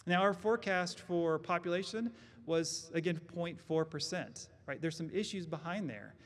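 A man's voice: fairly high pitch, moderate pace, a bit bright. A man giving a conference presentation on an employment forecast at a podium microphone, explaining points and checking in with the audience with "right?". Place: conference hall at a lectern.

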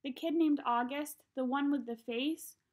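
A woman's voice: high-pitched, a little slow, darkish tone, pitched above the performer's own voice. A woman voicing an exasperated schoolboy of about ten who argues emphatically, reading a storybook aloud. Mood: protesting. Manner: emphatic, protesting.

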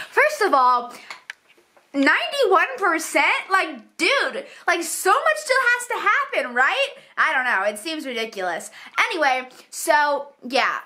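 A young adult woman chatting excitedly in a casual reading vlog, with lots of "like" fillers. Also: on the high side. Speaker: book vlogger.

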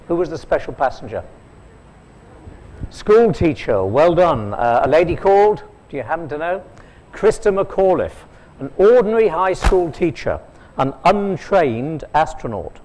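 A man's voice: a little high, darkish tone, slight background noise, low-quality recording. A man giving a keynote lecture at a conference, telling stories, quizzing the audience and slipping in dry jokes. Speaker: keynote speaker. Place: conference hall.

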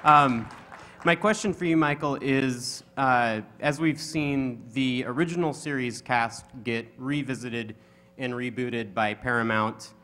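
A man with a mid-pitched voice steps up at a convention Q&A. He is polite and hesitant and starts his points with "um." He talks into the hall mic. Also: a little slow, pushed and bright, some chatter behind, a little hiss or hum. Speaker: fan asking a question. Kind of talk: audience Q&A question. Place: convention panel room.

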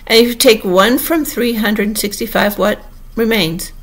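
A woman's voice: a little high, normal speed, voice pushed up, close to an everyday voice. A woman reading an audiobook and voicing a pompous, touchy egg-man perched on a wall, in a raised, blustering voice. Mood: lofty. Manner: blustering, haughty, loud. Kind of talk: audiobook character voice.

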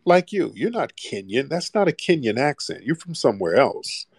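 A man's voice: mid-range voice, very animated, moderate pace, vocal fry, slightly rough, no room sound. A man hosting a live call-in stream, talking bluntly and mockingly down to his callers. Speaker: livestream host. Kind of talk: casual live call-in chat.

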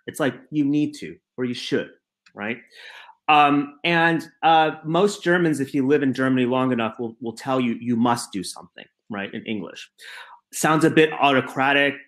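A man's voice: mid-range voice, a bit bright. A middle-aged man on a conference panel, telling anecdotes in a hesitant way with many fillers.

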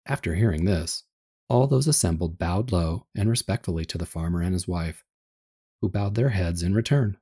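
A man narrating a story for English learners with a steady, clear reading. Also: deep voice, moderate pace.

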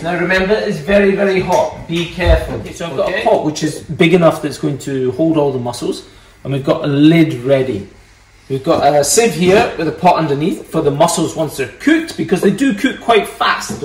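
Chatty Scottish chef in an echoey kitchen. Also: male voice, a little high, noisy background. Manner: chatty, playful, joking with his kids between steps. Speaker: chef teaching home cooking. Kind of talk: casual cooking demonstration. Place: home kitchen. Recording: echoey kitchen, mic far off, clattering pans.

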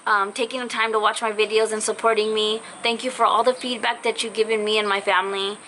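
Young woman vlogger, bright voice going in and out from illness; heartfelt, rambling apology to fans. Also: medium pitch, level tone, quick pace, slight background noise, rough recording. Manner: apologetic, earnest, rambling with fillers. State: voice cutting in and out after illness. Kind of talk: casual heartfelt vlog talk to viewers. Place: in a car.

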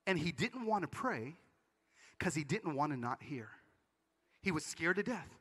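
A man giving an energetic conference sermon, telling stories with quick asides. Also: a little high, slightly rough, long reverb tail. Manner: animated storytelling with quick asides. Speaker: conference speaker. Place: large conference hall.

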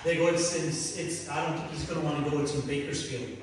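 A man preaching a sermon, telling his story in a lively way and acting out the voices of the people in it. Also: a little high, brisk. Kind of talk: sermon testimony. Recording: echoey hall from far off.

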